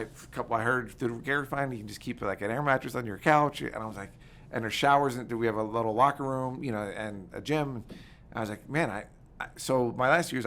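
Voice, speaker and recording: Middle-aged guy talking super fast in an interview, fired up, acting out the people he's quoting. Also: medium pitch. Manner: energetic, animated storytelling that acts out quoted conversations. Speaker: guest, military veteran and former congressman. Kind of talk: casual interview storytelling.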